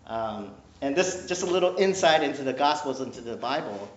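A man's voice: medium pitch, brisk. Guy pastor preaching, chatty and jokey, keeps saying right?, echoey room, kinda dull lo-fi sound. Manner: conversational, animated, keeps asking "right?"; playful, jokes with the congregation. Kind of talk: sermon.

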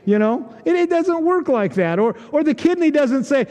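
A man's voice: extremely high pitch, very animated, moderate pace, few pauses, darkish tone. A male pastor preaching a conversational, joking sermon and acting out quoted voices. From United States. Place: church sanctuary. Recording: long reverb of a church hall.

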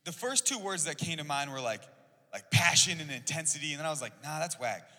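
A young man chatting about church outreach, excitable and full of "like" and "you know". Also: fairly high pitch, fast talker, long reverb tail. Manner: excitable, heavy use of "like". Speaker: church volunteer. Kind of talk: casual church podcast chat.

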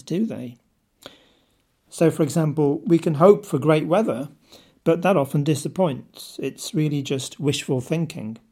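A man's voice: on the high side, dark tone. A man giving a short scripted devotional talk, telling a story and asking rhetorical questions. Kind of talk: scripted sermon-style talk.

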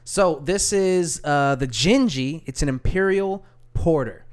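A man's voice: fairly high pitch, measured pace, darkish tone, clean tone. A man co-hosting a casual podcast, chatting and joking about a local beer. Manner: joking, mock-announcer openings. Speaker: podcast co-host. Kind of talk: casual chat.

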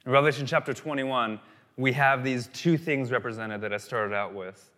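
A man delivers a sermon in an animated storytelling manner. He rises to loud emphatic lines and then drops to soft, quiet asides. His voice has a middle pitch and rings out with a long reverb from the hall. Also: normal speed. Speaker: pastor.

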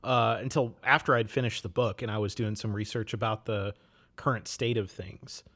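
A man's voice: fairly low pitch, steady tone, normal speed, fairly bright tone. A man from Wisconsin, a podcast host, reflecting casually on a book with many "you know"s. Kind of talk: casual chat.

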